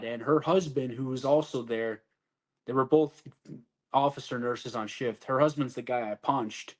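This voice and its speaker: A man of middle pitch tells his own story in a loose conversation. He swears freely, talks bluntly, and acts out the voices of the people he describes. His manner is casual and unpolished, like an army soldier recounting events. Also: brisk.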